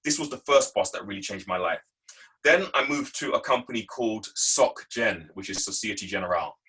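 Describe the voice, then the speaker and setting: Expressive and a little fast, this English guest speaker's low-leaning voice sounds pushed, bright and slightly rough. He's giving a motivational talk on a video call full of emphatic, repetitive stories from his working life, and the recording is rough.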